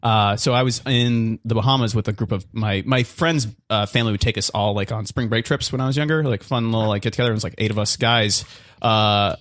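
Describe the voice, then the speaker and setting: A man's voice: fairly low pitch, steady tone, fairly quick, fairly bright tone, no echo, clean studio sound. A young man telling a true story on a comedy podcast, in a rambling way, full of "like" and "uh" and laughing as he goes. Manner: rambling, lots of "like" and "uh" fillers, laughs while telling.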